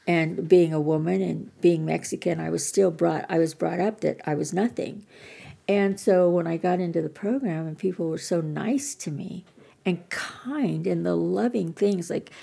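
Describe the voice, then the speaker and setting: A woman's voice: on the low side, gravelly, warm tone, husky. An older woman telling her personal recovery story as a podcast guest, candid, earnest and self-deprecating.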